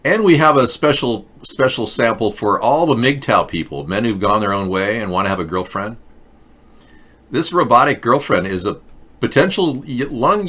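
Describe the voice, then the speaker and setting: A man's voice: medium pitch, a bit bright. A man hosting a live political chat show, talking in a sarcastic, mocking way. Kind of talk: casual satirical chat with live chat.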